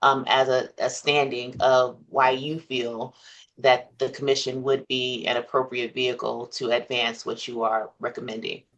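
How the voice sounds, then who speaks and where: Flat-voiced man chairing a meeting. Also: mid-range voice, dull audio. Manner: measured, formal, many "um" pauses. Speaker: commission chair.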